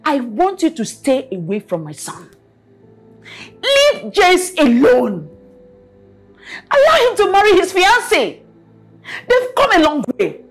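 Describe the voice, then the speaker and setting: A domineering Nigerian matriarch with a high, husky voice that leaps up and down as she scolds. She speaks slowly and repeats herself in bursts, contemptuous of the girl in front of her. Faint music plays behind. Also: very animated, a little mellow. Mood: angry. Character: domineering wealthy mother, scornful and stern. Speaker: mother of the house. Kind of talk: film drama acting.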